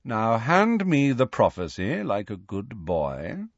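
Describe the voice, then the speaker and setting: A man voicing a cold, sneering aristocratic male villain with a slow drawl in an audiobook reading. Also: medium pitch, very animated, fairly bright tone, breathy edge, no room sound, muffled recording, exaggerated voice.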